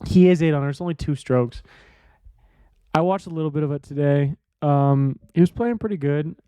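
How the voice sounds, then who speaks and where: A man's voice: on the high side, normal speed, dark tone, clear, resonant tone, no echo, clean studio sound. A man hosting a sports podcast in a casual monologue, rambling and offhand, swearing freely. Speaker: podcast host.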